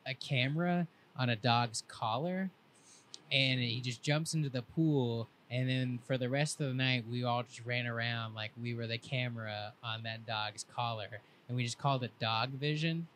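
A young man on a podcast, telling a long rambling story in a casual, laid-back way and quoting his friends in lively voices. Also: medium pitch, normal speed, a little hiss or hum. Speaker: podcast co-host.

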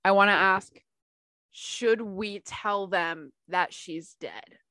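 A woman player in a tabletop game talks in an earnest, conversational way. Her voice sits at a middling pitch. The sound is dry and close. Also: takes it slowly, sharp tone, no echo.

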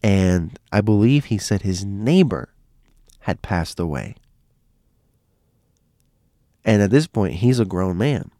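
A man's voice: lowish voice, expressive, slow, long pauses, warm tone, no room sound, studio quality. A man telling stories in a loose, casual way, often repeating himself and restarting phrases. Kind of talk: casual spoken storytelling.

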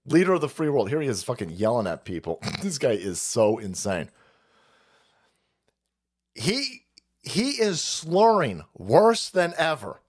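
Foul-mouthed man ranting, lively pitch. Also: a little slow, long pauses. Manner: foul-mouthed, sarcastic, shouting outbursts. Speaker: political livestream host. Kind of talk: profane political rant.

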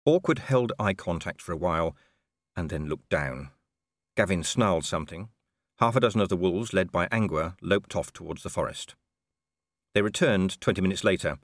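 A man reading an audiobook aloud in scripted narration, measured and expressive. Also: sits low, no echo, studio quality.

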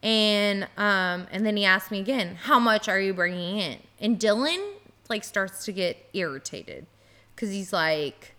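A woman in her thirties tells a story as a podcast co-host, talking loosely and swearing freely, with "like" scattered through every sentence. Her voice sounds bright and forward. Her pitch sits in the middle for a woman. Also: measured pace. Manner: animated, swears freely, heavy use of "like". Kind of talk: casual storytelling chat.

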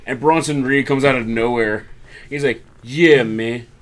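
A man talking through a wrestling broadcast in relaxed, casual chat, a mid-pitched voice. He drops into brief playful imitations of the wrestlers as he recaps. Easygoing podcast delivery. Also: moderate pace, noisy background.

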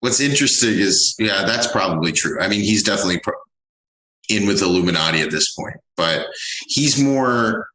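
A man's voice: on the low side, lively intonation, moderate pace, sharp tone. A young man from Canada, a comedian guest, rambling crudely in casual chat. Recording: roomy echo.

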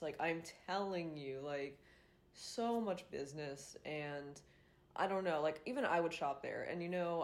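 A young woman hosting a podcast in casual, rambling chat, sounding congested and nasal, full of fillers and swearing. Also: low-pitched. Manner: rambling, lots of "like" and "um", swears freely. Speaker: podcast host.

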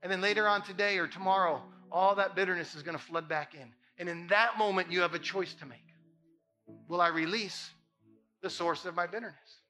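A man preaching a Sunday sermon in a high, bright voice that rings with conviction. He builds his points through emphatic repetition and rises to impassioned peaks. Soft music plays faintly behind him. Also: a little fast. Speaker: pastor.

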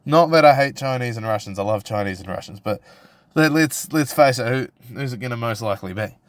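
A brash young New Zealand man rants on his own podcast, swearing freely and goading his listeners. His voice sits at a middling pitch and sounds close and dry, with no room around it. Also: expressive, fairly quick, no room sound. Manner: crude, profane and provocative, full of restarts. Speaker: podcast host. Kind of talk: casual solo podcast rant.

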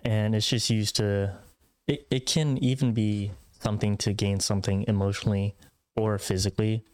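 Podcast co-host, male, lowish voice, laid-back explainer, leans on filler phrases. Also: normal speed, clean tone, dry recording. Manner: relaxed, explains with many fillers and repeats "pretty much". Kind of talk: casual chat.

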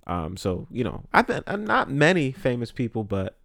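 A man hosting a podcast, telling stories in a profane, animated way, with congested sinuses. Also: medium pitch, normal speed, gravelly, no echo, clean studio sound. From the Bronx, New York. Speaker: podcast host. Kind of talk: casual storytelling monologue.

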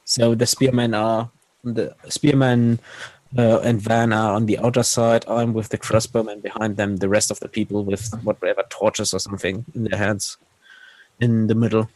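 Halting man planning his tabletop moves. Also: lowish voice, little pitch movement, a little mellow, no room sound, poor audio. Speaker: player. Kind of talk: playing a tabletop game.

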